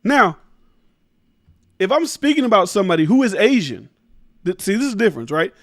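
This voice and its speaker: A high-pitched man rants through his own commentary show. He talks emphatically, swears a lot and trips over restarts. The sound is close and dry, with little room echo. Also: very animated, a little fast. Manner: emphatic, rambling, profane, restarts mid-sentence. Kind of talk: casual opinion commentary.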